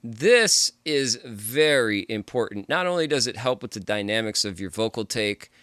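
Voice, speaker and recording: A man hosting a music production tutorial, explaining step by step in a relaxed, casual way as he works. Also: on the low side, moderate pace, no echo. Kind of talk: casual screen-recorded tutorial.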